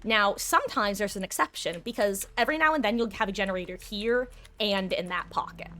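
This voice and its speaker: A woman's voice: mid-range voice, fairly quick, a bit bright. A woman live-streaming a video game, chatting casually and explaining tactics to her viewers. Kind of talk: casual gameplay commentary.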